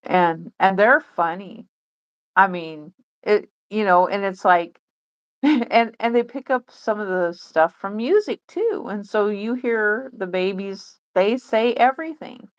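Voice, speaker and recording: A woman's voice: medium pitch, expressive, slow, muffled recording. A woman chatting on a livestream in a rambling way, full of fillers and restarts. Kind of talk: casual livestream chat.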